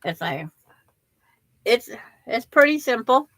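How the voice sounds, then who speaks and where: Slow, bright-voiced grandmother chatting. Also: fairly high pitch, very animated, dry recording. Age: older. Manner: chatty, rambling, restarts sentences. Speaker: quilting livestream host. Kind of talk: casual livestream chat with viewers.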